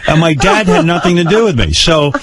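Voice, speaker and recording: A man's voice: on the high side, expressive, fairly quick, noisy background. An older man hosting a radio show, telling personal stories in a blunt, profane, wry way. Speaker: radio host. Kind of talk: candid storytelling on talk radio.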